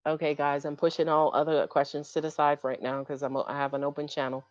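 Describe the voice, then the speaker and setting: A woman's voice: low voice, little pitch movement, fast, no room sound, dull audio. Emotional woman giving a livestream tarot reading. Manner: emotional, repeatedly asks for confirmation. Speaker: tarot reader.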